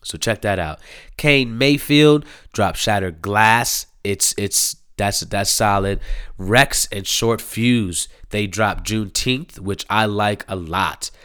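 A young man talking casually to camera about new music singles, slangy and animated, laughing and swearing often. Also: fairly low pitch, takes it slowly, clean tone.

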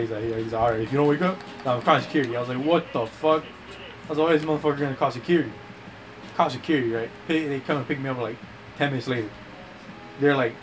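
A man with a mid-range voice swaps long, profane anecdotes with his friends in casual conversation. He rambles, uses slang like "bro" and "dude," and voices the quoted lines as characters. The audio quality is poor.

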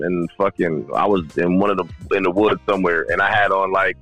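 A man's voice: low-pitched, steady tone, a little fast, fairly bright tone, faint music behind. A man telling stories in a casual podcast chat, mimicking the people he quotes. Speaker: podcast guest.

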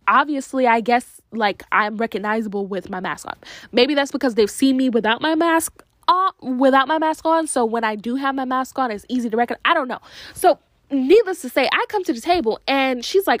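Young woman, high-pitched, chatty storyteller, tired, close dry recording. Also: brisk, no room sound. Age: young adult. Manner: chatty, full of "like" fillers, animated quoted dialogue. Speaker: vlogger. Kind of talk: casual storytelling vlog.

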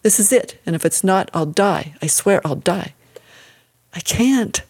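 A woman's voice: fairly low pitch, normal speed, a little mellow, no echo. A woman voicing a young woman in labor, speaking desperately.

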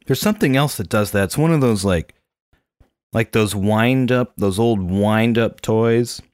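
A man's voice: fairly low pitch, measured pace, a little mellow, no echo, studio quality. Casual, loose-talking man. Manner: loose, swearing, laughs a lot. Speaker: podcast co-host. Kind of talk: casual movie chat.

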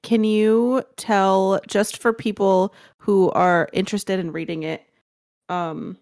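A woman co-hosting a podcast, chatting in a calm, low-key way about books. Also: slow, dry recording, clean studio sound. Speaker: podcast co-host. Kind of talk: casual book chat.

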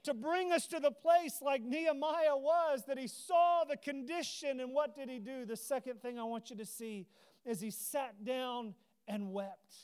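A man's voice: very high voice, a little slow, darkish tone, clean tone. A man preaching an impassioned, earnest sermon, his voice rising into emotional cries, at times teary. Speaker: pastor.

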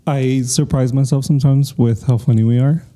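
A man's voice: medium pitch, fairly even intonation, fairly quick, mellow. A man in his late twenties co-hosting a podcast, joking around in a laid-back way. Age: 20s. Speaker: podcast co-host. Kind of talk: casual banter.

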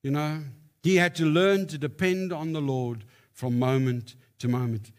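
A man's voice: on the high side, steady tone, a little slow. A man preaching a sermon, telling stories with emphatic rises. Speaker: pastor.

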